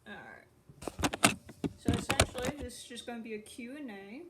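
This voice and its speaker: A woman's voice: on the high side, normal speed, long pauses, sharp tone, slight background noise, rough recording. A young adult woman chatting casually to viewers in a rambling, offhand way. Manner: rambling, chatty, laughs at herself. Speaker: online writer and video creator. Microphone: phone.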